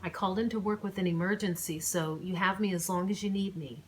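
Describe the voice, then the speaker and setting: A woman voicing a bubbly, excited young woman fussing over her injured best friend in a storybook reading. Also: medium pitch, quick pace, slight background noise, lightly acted. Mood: cheery, fussing. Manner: excited and chirpy.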